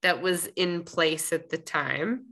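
Bright-voiced woman co-host. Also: low voice, slow. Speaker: podcast co-host. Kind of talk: casual chat.

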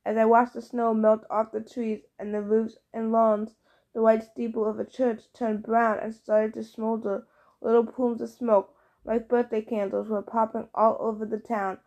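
Lady reading an audiobook, lively and expressive, fairly high voice. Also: dull audio. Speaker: audiobook narrator. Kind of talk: audiobook narration in first person.

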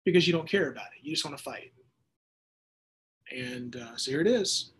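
A man's voice: medium pitch, expressive, normal speed, fairly bright tone. A man hosting a Bible teaching show, reading listener texts and talking casually, with bursts of emphatic preaching.

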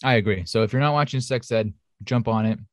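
A man with a lowish voice chats eagerly as a podcast co-host, piling on fillers as he goes. The recording is close and dry, with no room sound. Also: fast, dry recording. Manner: chatty, enthusiastic, lots of fillers. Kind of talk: casual chat. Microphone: home studio mic.

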